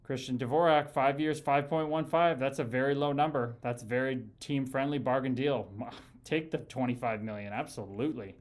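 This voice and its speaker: A man's voice: medium pitch, fairly even intonation, moderate pace. A man hosting a casual livestream, reading viewer comments and arguing bluntly with a critic, calling people "brother" often. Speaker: livestream host.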